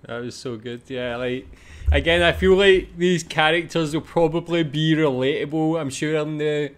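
A man's voice: fairly high pitch, normal speed, smooth. A man hosting a reaction video, talking in casual, rambling commentary and repeating himself. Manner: rambling, repeats "again" and "yeah".

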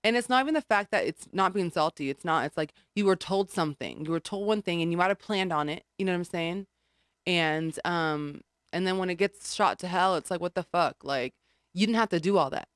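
A woman with a fairly low voice talks as a podcast guest, rambling, frank and casually profane. The recording is dry and close, with no room sound. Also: brisk, no room sound. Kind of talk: casual chat.

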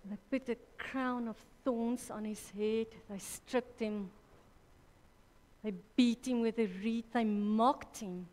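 A woman preaching a sermon at a church women's conference, slow and deliberate, correcting herself mid-sentence. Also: fairly high pitch, steady tone, a little mellow. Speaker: conference speaker. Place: church hall. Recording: reverberant church hall.

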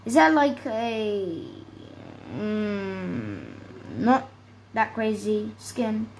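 A woman chatting excitedly to her viewers while she plays a video game. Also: medium pitch, drawn-out words, a little hiss or hum, low-quality recording. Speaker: gaming channel host. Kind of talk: casual gameplay commentary.

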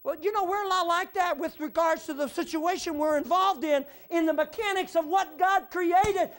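High-pitched shouting preacher man. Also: normal speed, hardly any pauses. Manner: animated, shouts with repeated phrases and "huh?". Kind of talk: sermon.

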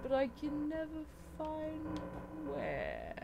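A woman's voice: high voice, huge pitch swings, slow, vocal fry, background noise. A young woman playing a horror game, chatting to the characters, swearing and laughing in panic. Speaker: gaming YouTuber. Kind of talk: horror game let's play commentary. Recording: faint music behind.

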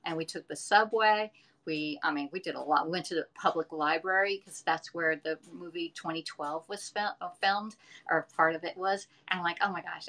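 A woman's voice: lowish voice, pushed and bright. A middle-aged woman in casual live-stream chat, rambling and chatty as she talks to viewers from her home kitchen.

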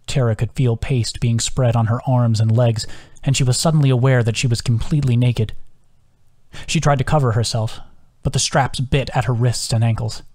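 A man reading his own novel aloud as audiobook narration, steady and measured. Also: medium pitch.

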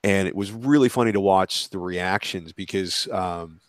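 A man's voice: deep voice, moderate pace, no room sound. A man talking as a guest on a live panel, rambling through his points and acting out little quoted exchanges. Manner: rambling, animated asides with acted-out quotes. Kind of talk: casual panel discussion.

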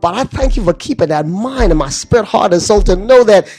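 A middle-aged man from Anguilla hosts a devotional radio talk from a studio mic, his voice pitched high with a gravelly, fry-laden edge. He preaches with feeling, drifting now and then into sing-song phrases over faint music. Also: expressive, brisk, darkish tone. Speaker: radio DJ and host. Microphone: studio microphone at a mixing desk.

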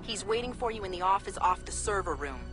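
An actress playing a calm, businesslike mission handler giving a briefing in a video game, heard as game audio. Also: female voice, mid-range voice, fast, close to an everyday voice. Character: calm female mission handler on a radio line. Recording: game audio heard under loud music. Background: loud game music.

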